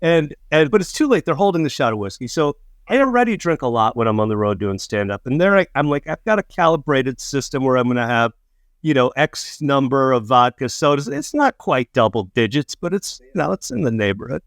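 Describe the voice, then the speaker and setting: A middle-aged man chats casually into a close, dry mic, telling a rowdy drinking story with a lot of swearing. His pitch sits in the middle and jumps up sharply whenever he acts out what someone said. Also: very animated, a little fast, dry recording. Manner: swearing, self-mocking, acts out quotes with big pitch jumps. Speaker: podcast co-host, comedian.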